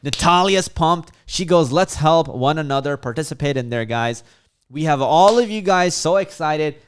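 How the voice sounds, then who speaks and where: A man's voice: a little high, animated, normal speed, smooth, faint music behind. A man from Chicago hosting a casual livestream and reading viewer comments aloud with lots of hype. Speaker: livestream host.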